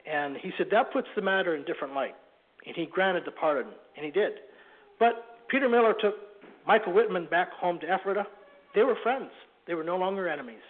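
A man giving a sermon, telling stories in a halting way, often repeating words and clearing his throat. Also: a little high. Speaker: preacher. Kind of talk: sermon storytelling. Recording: tinny phone-like line.

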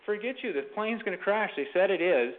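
A man's voice: high-pitched, animated, a little fast, voice pushed up. A man voicing a male airline passenger who complains about his parachute while thinking aloud. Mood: determined. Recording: tinny phone-like sound.

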